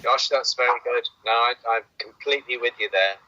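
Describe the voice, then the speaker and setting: A man's voice: medium pitch, a little fast, pushed and bright, highs cut off. A man speaking as a doctor guest, earnest and hesitant, often repeating words. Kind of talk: casual conversation.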